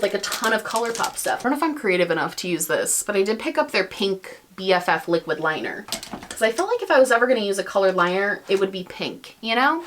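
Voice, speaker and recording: A woman's voice: mid-range voice, fairly bright tone, slight background noise. A young woman beauty vlogger chatting casually through a makeup tutorial, rambling and joking at her own expense. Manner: chatty, rambling, self-mocking.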